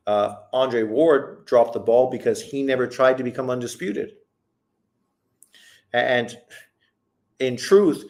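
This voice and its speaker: Host, male, from Canada. Blunt, swears freely, opinionated, casual live-stream chat, mid-range voice. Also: medium pitch.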